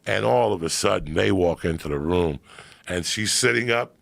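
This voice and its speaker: A man on a podcast, telling a story in a profane, animated way that swings from hushed and low to loud and excited. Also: normal speed, creaky, no echo. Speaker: podcast guest.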